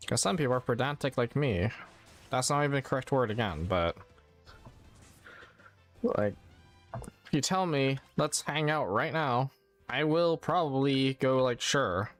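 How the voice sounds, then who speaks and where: A man's voice: mid-range voice, lively intonation, unhurried, long pauses, soft background music. A man streaming a game, chatting casually and rambling, often correcting his own words. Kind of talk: casual gameplay chat.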